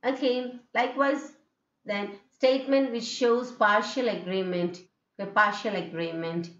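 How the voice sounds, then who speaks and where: A woman's voice: mid-range voice, fairly even intonation, unhurried, a bit bright. A woman teacher explaining English intonation in a lesson, often saying "okay" and reading out examples. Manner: explanatory, frequent "okay" fillers, reads examples aloud. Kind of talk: lecture on intonation. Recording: echoey room, dull lo-fi sound.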